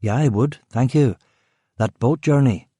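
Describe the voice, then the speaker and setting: A man's voice: mid-range voice, a little slow, warm tone, husky, no echo. A man reading an audiobook, voicing a laconic hired ex-policeman with a Northern Irish accent.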